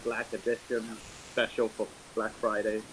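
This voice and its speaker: A man chats slowly and hesitantly, filling gaps with "uh" and "um". A clear hiss runs under his voice throughout. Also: on the low side, completely flat delivery, fairly bright tone, poor audio. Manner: hesitant, many fillers. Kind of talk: casual chat. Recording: hissy background noise.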